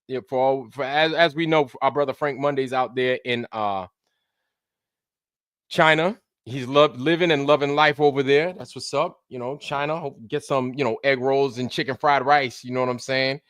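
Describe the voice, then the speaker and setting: Hosting a laid-back livestream, this man from Brooklyn, New York welcomes viewers with loose, profane banter and occasional put-on voices. He has a mid-range, clear and resonant voice that's a bit bright, with fairly even intonation and normal speed, captured in clean studio sound with no room noise.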